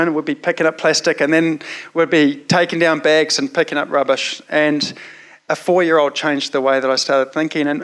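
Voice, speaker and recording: A man's voice: on the high side, fairly bright tone. A man with a New Zealand accent telling a personal story in a casual, rambling way, full of "you know" fillers.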